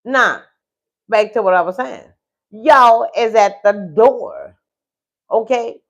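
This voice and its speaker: A woman's voice: a little high, slow, lo-fi sound. A woman host telling a story on a livestream in a casual, chatty way, often asking "you know what I'm saying".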